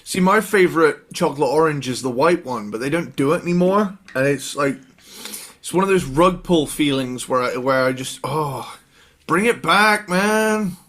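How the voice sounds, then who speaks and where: A man's voice: fairly high pitch, normal speed, fairly bright tone. A man co-hosting a casual podcast chat from a home recording room, jokey and sweary, with lots of fillers and laughter. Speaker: podcast co-host.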